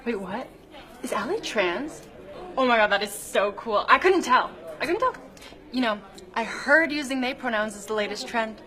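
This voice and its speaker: A woman's voice: a little high, animated, moderate pace, a bit bright, faint music behind. A woman playing a gushing, over-apologetic young ally in a comedy sketch, eager and fawning. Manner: breathless, fawning, overly eager.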